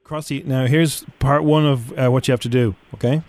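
Teasing Irish radio host in full flow. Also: male voice, mid-range voice, steady tone, darkish tone, dry recording. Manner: chatty, teasing, giving quick directions. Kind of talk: breakfast radio prank banter.

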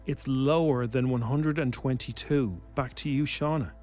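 Playful radio game host. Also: male voice, medium pitch, moderate pace, darkish tone, faint music behind. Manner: playful, teasing. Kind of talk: hosting an on-air game.

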